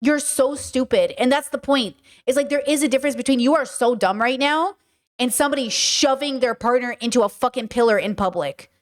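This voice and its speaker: Brief: woman host, fairly high voice, animated and profane, chatty commentary with storytelling asides. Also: brisk. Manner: animated, profane, conversational, reads chat aloud.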